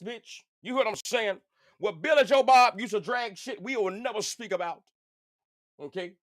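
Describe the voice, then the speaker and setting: Animated sassy man, lively pitch. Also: no room sound, clean studio sound. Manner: animated, sassy, profane, repeats phrases for emphasis. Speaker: channel host. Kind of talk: casual commentary vlog.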